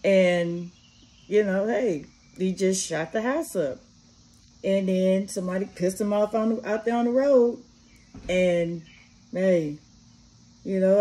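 A woman vlogger who drives a party bus sits resting after work, giving casual commentary on a news story, animated, swearing a lot, laughing often and imitating gunfire. Her medium-pitched voice moves slowly with frequent pauses.

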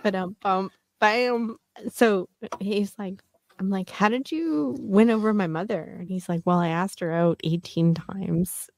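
Rambling, storytelling woman with a dark voice. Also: medium pitch, measured pace, no room sound. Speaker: podcast co-host. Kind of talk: casual chat.

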